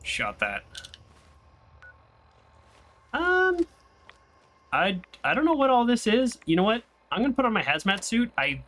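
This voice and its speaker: A man's voice: fairly high pitch, fairly bright tone. A young man hosting casual gameplay commentary. He chats and tells long side stories while he plays. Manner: rambling and chatty, tells stories while playing. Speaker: gaming channel host. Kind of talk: casual let's-play commentary.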